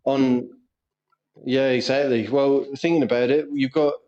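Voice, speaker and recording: A man's voice: mid-range voice, fairly even intonation, unhurried, mellow, lo-fi sound. A man co-hosting a casual podcast, telling stories with lots of swearing and laughter. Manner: sweary, giggly storyteller. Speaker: podcast co-host. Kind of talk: casual chat.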